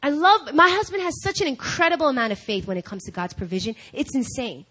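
A woman preaching a sermon at a church service, telling a personal story in an animated way. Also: high voice, quick pace. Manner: animated, acts out quoted dialogue.

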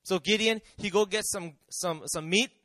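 A man's voice: sits high, normal speed, sharp tone, no echo. A man preaching a sermon in a conversational way, often asking the audience questions and acting out quotes.

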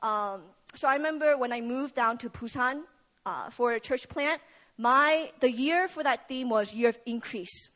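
Young woman, high voice, casual sermon storyteller with a lot of fillers. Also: normal speed, sharp tone. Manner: retells the story with acted quotes, casual fillers. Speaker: speaker at a prayer meeting.

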